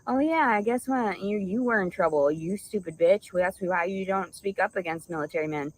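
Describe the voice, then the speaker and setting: A woman's voice: medium pitch, moderate pace, close to an everyday voice, poor audio. A woman putting on the voice of a contemptuous man who taunts her. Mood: taunting.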